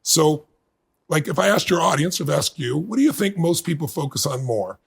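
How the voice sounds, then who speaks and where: A middle-aged man being interviewed, telling a personal story in earnest and building to bursts of excitement. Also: a little high, brisk. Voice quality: gravelly, husky. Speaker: guest.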